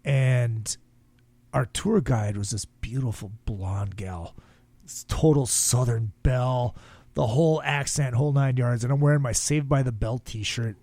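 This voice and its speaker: A man's voice: medium pitch, unhurried, darkish tone, dry recording. A man in his thirties from Minnesota hosting a casual interview, telling loose jokey stories and swearing freely. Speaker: podcast host.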